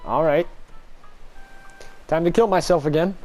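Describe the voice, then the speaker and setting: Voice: medium pitch, takes it slowly, long pauses, darkish tone. A gamer making casual, wry comments while playing, with faint game music behind. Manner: wry, laughing asides. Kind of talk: casual let's-play commentary.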